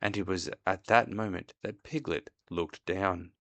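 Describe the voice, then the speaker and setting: A man reading a children's storybook aloud to his child in an expressive, measured way. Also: sits low, dry recording.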